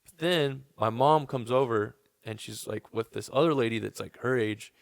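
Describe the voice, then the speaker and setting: A young man tells a long story on a podcast in a laid-back way, swearing and acting out what people said. His voice is medium-pitched and creaky at a moderate pace, recorded cleanly in a studio with no echo.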